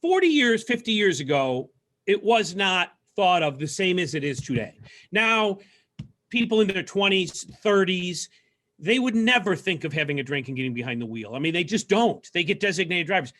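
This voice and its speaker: A man with a notably high voice hosts a casual civic interview over a video call. He talks earnestly, musing aloud and letting sentences trail off softly. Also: big pitch swings, moderate pace. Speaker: talk show host.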